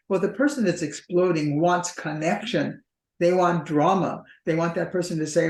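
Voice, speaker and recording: A woman's voice: fairly low pitch, moderate pace, darkish tone. A woman couples therapist explaining patterns in a conversational interview, often acting out what partners say. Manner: acts out partners' voices in quoted dialogue. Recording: roomy echo.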